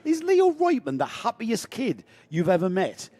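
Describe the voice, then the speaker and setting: A man with a northern English accent doing live karting commentary, chatty and rambling, reeling off driver names in quick lists. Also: sits high, huge pitch swings, dark tone. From northern England. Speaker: race commentator.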